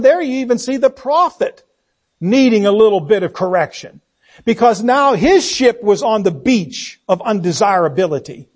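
A man preaching a sermon. He asks the congregation rhetorical questions and swings between loud emphasis and hushed delivery. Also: high voice, expressive, normal speed.

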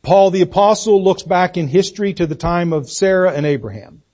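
Husky older man preaching a folksy sermon. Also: sits high, darkish tone. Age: 60s. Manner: folksy, self-deprecating, halting restarts. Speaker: pastor.

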